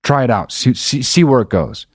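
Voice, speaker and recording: A man's voice: mid-range voice, expressive, normal speed, no room sound, clean studio sound. A man hosting his own podcast, talking in a casual, profane and emphatic monologue. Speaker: podcast host.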